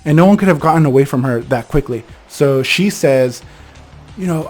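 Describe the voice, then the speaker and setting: A young man hosting a channel, casually telling ghost stories about his childhood home in a quick, rambling way full of fillers and self-corrections. He records in a bedroom at home. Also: a little high, lively intonation, darkish tone, faint music behind. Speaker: host, storyteller.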